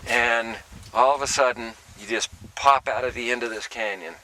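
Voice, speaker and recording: A middle-aged caver recounts an expedition in a folksy way for a documentary interview, acting out the lines he quotes. His medium-pitched voice is steady, bright and forceful at a moderate pace. The low-quality recording has slight background noise and a music bed underneath.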